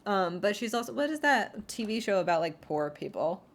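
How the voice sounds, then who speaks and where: A woman's voice: medium pitch, big pitch swings, moderate pace, slight background noise. Rambling, sarcastic woman streamer. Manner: rambling, sarcastic, heavy on fillers. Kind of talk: casual chat on a livestream.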